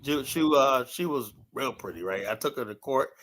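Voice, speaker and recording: A man's voice: medium pitch, animated, normal speed, fairly bright tone. A man telling long, rambling stories in a heated casual debate, swearing freely and tagging nearly every sentence with 'right?'. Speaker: panelist.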